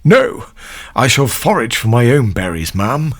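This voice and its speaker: A man squeaking as a haughty newborn. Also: big pitch swings, unhurried, a bit bright, full character voice. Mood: indignant. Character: squeaky pompous grown man acting as a newborn.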